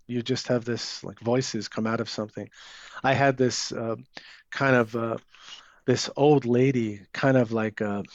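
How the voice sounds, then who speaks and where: A man's voice: medium pitch, dry recording. Hesitant man, dull lo-fi recording. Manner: hesitant, many fillers and restarts. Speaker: author and interview guest. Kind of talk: casual interview talk. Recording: dull lo-fi sound.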